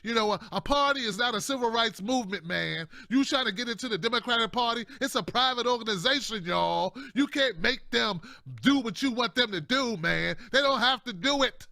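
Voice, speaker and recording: A man's voice: very high voice, animated, a little fast, gravelly, few pauses, pushed and bright. A man hosting casual political commentary, talking in a slangy, repetitive, chatty way with frequent laughs.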